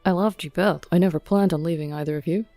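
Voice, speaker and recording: A woman reading the lines of a defiant, self-justifying husband in her own low, mellow voice. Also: fast, no room sound, soft background music, close to an everyday voice. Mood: defensive. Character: defiant cheating husband, middle-aged man.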